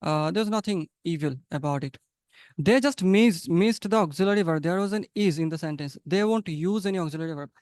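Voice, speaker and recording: A man teaches English conversation over a webinar video call. His voice is high and notably clear. The sound is dry and close, and he coaches his students by repeating his points. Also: dry recording. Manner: encouraging, repeats phrases, coaching tone.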